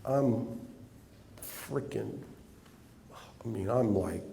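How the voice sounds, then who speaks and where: A man telling an animated story as an interview guest, acting out the other voices and breaking into laughter. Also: on the low side, extremely slow, creaky, a little hiss or hum. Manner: animated anecdote with quoted voices, laughing, restarts.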